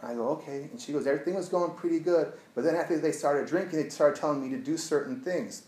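A man's voice: a little high, quick pace, darkish tone. Earnest male therapist in an echoey room. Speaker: addiction therapist. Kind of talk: storytelling talk to an audience.

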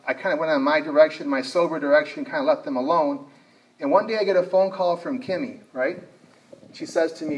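A man tells a personal story to a live audience, stopping often to ask the room questions. His voice sits a little high for a man. The mic is some way off, so he sounds distant. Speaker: speaker on addiction. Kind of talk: motivational talk to an audience.

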